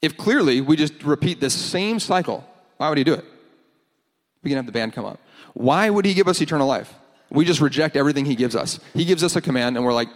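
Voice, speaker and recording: A pastor preaching a sermon in earnest, with playful asides, in a church. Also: male voice, mid-range voice, expressive, brisk. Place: church hall with band. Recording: long hall reverb, faint music.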